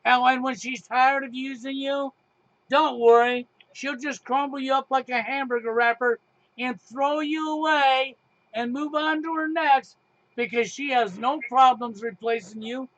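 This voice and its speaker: A man's voice: very high voice, steady tone, measured pace, fairly bright tone, no echo, rough recording. A middle-aged man hosting a talk show, speaking emphatically and sarcastically with frequent swearing. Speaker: podcast host. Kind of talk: heated casual talk show chat.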